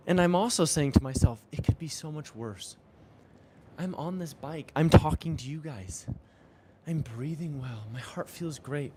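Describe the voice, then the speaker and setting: Background noise accompanies a young vlogger's slightly high voice as he cycles outside in the rain. He reflects earnestly on spiritual matters, frequently repeating phrases to himself.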